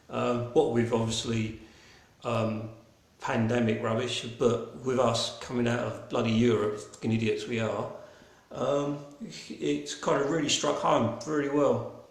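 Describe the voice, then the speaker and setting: A man with a broad Cockney accent leads a casual live-streamed gallery talk for an online private view, rambling through ums and restarts with cheerful swearing. His medium-pitched voice is fairly even and measured, with a reverberant sound.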